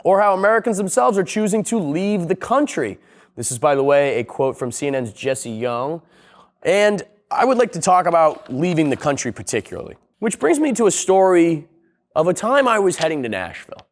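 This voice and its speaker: A man's voice: on the high side, big pitch swings, moderate pace. Profane, rambling man hosting a video essay. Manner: profane, rambling, sarcastic storyteller. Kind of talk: casual comedic video essay.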